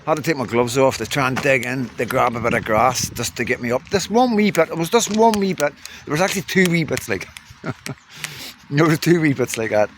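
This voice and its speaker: A vlogger with a medium-pitched voice talks fast as he tells his viewers a rambling, swearing story to camera, laughing along as he goes. There's noise in the background.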